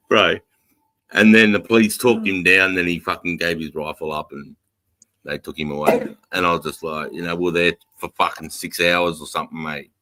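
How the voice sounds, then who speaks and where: A man's voice: low-pitched, sharp tone, no room sound. A middle-aged Australian man and former army instructor, telling stories in casual chat, swearing often and laughing. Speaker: podcast co-host, ex-army instructor.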